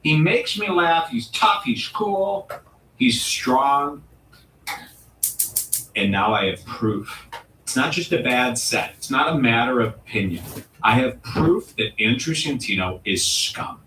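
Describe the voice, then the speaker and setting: Bright-voiced man ranting in an echoey room. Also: medium pitch, big pitch swings, a little hiss or hum. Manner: provocative, mock-serious ranting with dramatic pauses. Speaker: comedy show host. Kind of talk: comedic rant. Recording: roomy echo, distant mic.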